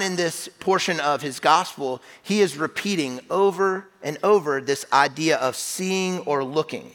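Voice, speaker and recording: Preaching in a church sanctuary, this pastor has a bright, forceful voice pitched fairly high for a man. His sermon sounds emphatic yet conversational, with frequent restarted phrases, and long reverb trails each line.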